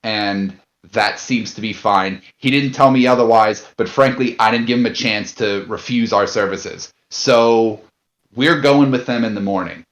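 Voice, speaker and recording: A man playing a tabletop role-playing game, speaking in character in a halting, indignant way with many fillers. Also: fairly low pitch, reverberant.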